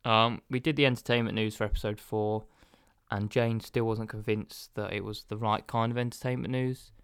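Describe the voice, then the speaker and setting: A man co-hosting a podcast who talks in a hesitant, apologetic, halting way, full of fillers and restarts. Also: fairly low pitch, fairly bright tone, clean tone, no echo, studio quality. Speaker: podcast co-host. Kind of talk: casual podcast banter.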